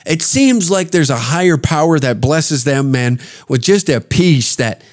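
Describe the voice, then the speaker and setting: A man with a slightly high voice rattles off crude, mocking commentary as a podcast host, swearing freely and breaking into laughs. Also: expressive, a little slow. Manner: profane, mocking, laughs often.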